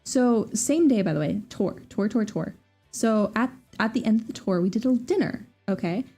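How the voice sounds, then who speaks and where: Fast-talking Southern woman streamer. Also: medium pitch, soft background music. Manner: fast, rambling and animated, with many fillers and restarts. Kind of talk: casual livestream chat.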